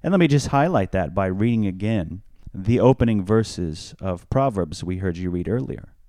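A man, a priest, explaining scripture on a podcast in a measured, teacherly way, stressing key words. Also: low-pitched, expressive, dark tone, no room sound, studio quality.

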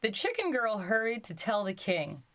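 Animated woman reading a storybook. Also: mid-range voice, normal speed. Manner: animated, joking asides between lines. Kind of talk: reading a children's story aloud with playful asides.

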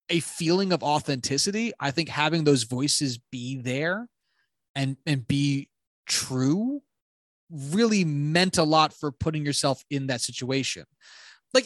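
Animated chatty man, dry close sound. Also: a little high, dry recording. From New Jersey. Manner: animated, rambling, swears casually. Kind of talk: casual film review chat.

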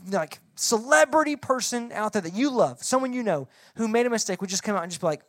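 A young adult woman preaching a sermon to middle schoolers in an animated, conversational way, asking the audience questions. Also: a little high, moderate pace, no room sound, studio quality. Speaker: youth pastor.

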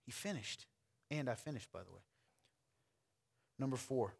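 A pastor preaching a sermon to a congregation in a church, swinging from loud calls to hushed near-whispers, with conversational asides to the listeners. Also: male voice, mid-range voice, animated, moderate pace, gravelly, slightly rough.

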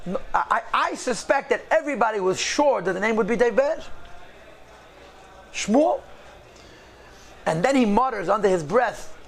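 A man, apparently a rabbi, telling a story in a lively way and mixing in Yiddish phrases. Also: sits high, quick pace, creaky. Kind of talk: storytelling talk.

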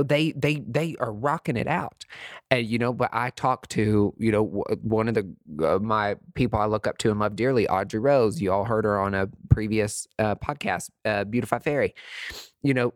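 A man in his late thirties hosting a podcast, talking in an expressive, emotional and chatty way, full of fillers and asides. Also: medium pitch, no room sound, clean studio sound. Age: late 30s. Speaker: podcast host. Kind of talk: reflective solo podcast monologue.

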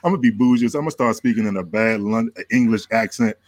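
A man co-hosting a podcast in casual chat, making joking, low-key asides and teasing. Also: fast, a crowd in the background. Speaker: podcast co-host.

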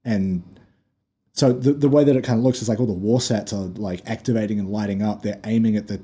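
Low, husky-voiced man, casual chat. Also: fairly even intonation, brisk, warm tone. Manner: loose, rambling, many fillers and restarts. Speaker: podcast co-host. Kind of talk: casual chat about a video game.

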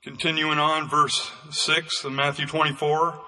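A man preaching a fervent sermon as pastor, with bursts of raised, shouting emphasis. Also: a little high, steady tone, normal speed, hardly any pauses, long reverb tail.

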